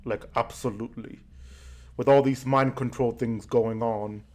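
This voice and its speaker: A man running a fantasy tabletop game, telling the scene and voicing the characters as he goes. He speaks at an ordinary pitch in a loose, easygoing storytelling manner, stopping now and then to restart a phrase. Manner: relaxed storytelling with quick asides and restarts. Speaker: game master.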